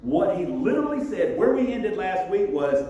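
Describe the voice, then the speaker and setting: A man preaching a sermon as pastor, in a relaxed, joking, conversational way with lots of asides. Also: sits high, normal speed, lo-fi sound. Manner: casual and joking, with many asides. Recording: very echoey room, mic far off, faint noise.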